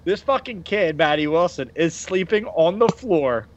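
A man hosting a podcast, telling stories excitedly and laughing often in casual chat. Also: on the high side, normal speed, lo-fi sound. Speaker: podcast host.

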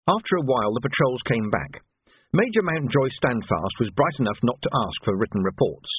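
A man reading a novel aloud as narrator, in a dry, lively storytelling way. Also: mid-range voice, brisk, breathy edge, no echo. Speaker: audiobook narrator. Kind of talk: scripted narration. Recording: tinny phone-like band.

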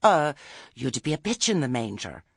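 A man's voice: medium pitch, big pitch swings, moderate pace, vocal fry, no room sound, clean studio sound, voice pushed up. A man voicing a chatty, anxious elderly village witch who talks in a nervous, hesitant, homely way. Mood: uneasy.

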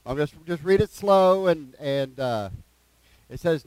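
A man preaching a sermon in a folksy way, reading scripture slowly with plain asides and repeated phrases. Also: a little high, lively intonation, a little mellow, clean tone, no room sound, poor audio.

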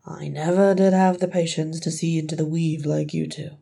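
A woman voicing a sly male dwarf, the middle brother, in a low, wry, bitter grumble. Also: steady tone, moderate pace, creaky, dark tone, husky, exaggerated voice. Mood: resigned.

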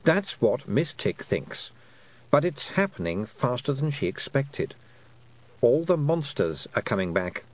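A man reading an audiobook, voicing a small talking toad with a dry, slow, matter-of-fact manner. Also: mid-range voice, sing-song, voice pushed up. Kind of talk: audiobook character voice.

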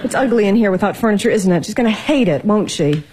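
An actress playing a theatrical, fretful young newlywed wife in a film. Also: female voice, medium pitch, animated, fast, a little mellow, slight background noise, lightly acted. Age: young adult.

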